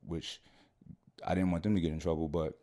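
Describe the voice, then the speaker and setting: Deep-voiced man telling a story casually. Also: level tone, fairly quick, warm tone. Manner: slangy and profane, keeps saying "you know what I'm saying". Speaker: podcast guest.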